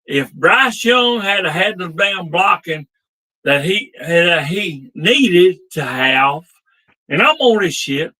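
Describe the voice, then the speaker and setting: A man's voice: high voice, expressive, takes it slowly, bright, forceful tone, rough recording. A man co-hosting a casual sports talk show while drinking, profane and rambling.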